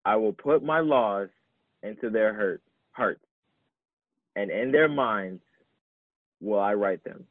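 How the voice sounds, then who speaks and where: A man reading scripture aloud, slow, low and measured, in a solemn style. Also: no echo. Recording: tinny, phone-like sound.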